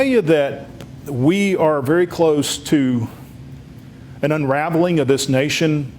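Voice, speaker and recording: A man's voice: fairly high pitch, slow, a little mellow, a little hiss or hum. A man giving a political talk at a luncheon, telling stories in a folksy way with many restarts and rising for emphatic points. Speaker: congressman speaking at a luncheon. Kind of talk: political speech.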